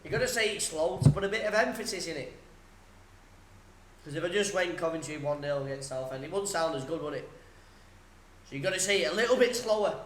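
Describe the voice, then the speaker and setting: A young man runs a live football watchalong, reeling off scores between casual banter and laughs. His voice sits high for a man. The room around him is echoey. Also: animated, brisk, long pauses, fairly bright tone. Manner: chatty, reads scores aloud, swears, laughs often. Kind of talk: live score commentary and chat.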